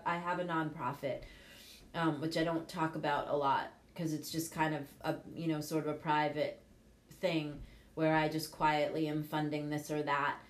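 A middle-aged woman coach and show host, talking frankly and casually, with the odd swear word. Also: on the low side. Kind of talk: casual motivational talk. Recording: echoey room.

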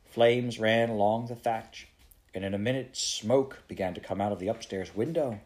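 A man reading a children's novel aloud in a steady storytelling manner. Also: on the low side, normal speed. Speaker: audiobook reader.

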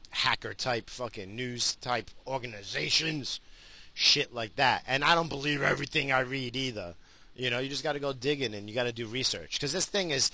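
A man in a profane, angry vlog rant, swearing constantly and bursting into loud outbursts. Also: no echo. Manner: mocking, drifting into sudden high voices. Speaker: vlogger.

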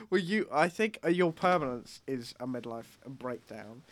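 A man co-hosting a podcast in casual chat, teasing the others with quick questions. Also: mid-range voice, expressive, a bit bright, dry recording. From England.

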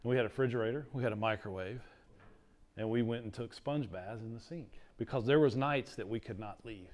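A middle-aged man teaches a class in a loose, rambling lecture packed with stories, chatting away and saying "like" constantly. His voice is mid-range and a little mellow, and he talks fairly quickly.

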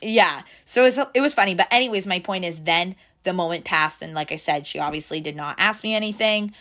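Young woman, casual storyteller, lowish pitch with a sharp bright tone, acts out quotes, lots of "like". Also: a little fast. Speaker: bank teller telling a story. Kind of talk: casual chat.

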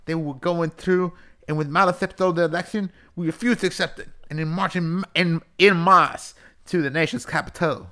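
Man playing a bombastic Southern militia boss in wrestler-promo style; loud, drawling rally cry. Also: a little high, steady tone, normal speed, voice pushed up. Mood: fiery. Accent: American Southern.

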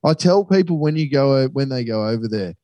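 A man's voice: mid-range voice, expressive, a little fast, dark tone, no room sound, dull audio. A young Australian man telling a travel story in casual, sweary chat. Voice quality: sweary, laid-back storytelling.

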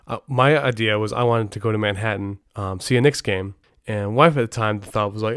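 Rambling podcast host, smooth dry voice. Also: male voice, on the low side, brisk, hardly any pauses, fairly bright tone, dry recording. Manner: rambling, many restarts and asides. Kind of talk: casual podcast storytelling.

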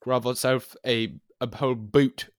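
A man's voice: mid-range voice, fairly even intonation, measured pace, no echo, studio quality, lightly acted. A man putting on a silly mock British accent, playing a goofy lad who is full of slang.

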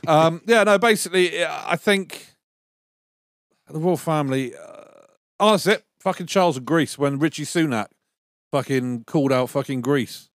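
Bloke, podcast co-host, sweary rambling rants, dry close studio sound. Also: male voice, a little high, normal speed, dry recording. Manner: sweary, ranting, loses his train of thought. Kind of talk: casual chat.

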